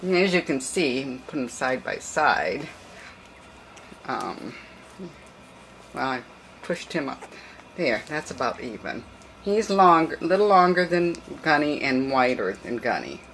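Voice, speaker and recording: An older woman with a low, husky-toned speaking voice rambles casually about her litter in a relaxed home video, breaking into high baby talk to the pups. A faint hiss of room noise sits under her voice. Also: measured pace, long pauses. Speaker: dog breeder. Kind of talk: casual puppy update vlog.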